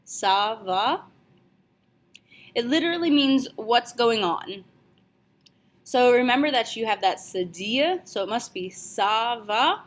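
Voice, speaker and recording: Young woman, French teacher, slightly high voice, clear and deliberate, repeats phrases. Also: lively intonation. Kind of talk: video language lesson.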